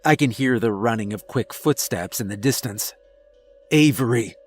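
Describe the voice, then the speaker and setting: A man's voice: on the low side, normal speed, husky, faint music behind. A man narrating a first-person horror story in a tense, scripted delivery.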